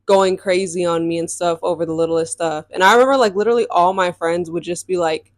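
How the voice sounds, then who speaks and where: A young woman with a lowish voice talks candidly into a close mic, recorded dry. She is casual and emphatic, and she leans on "like" and "um" as she tells a personal story on her podcast. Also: fairly even intonation, brisk, no echo. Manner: casual and emphatic, heavy use of "like" and "um". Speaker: podcast host.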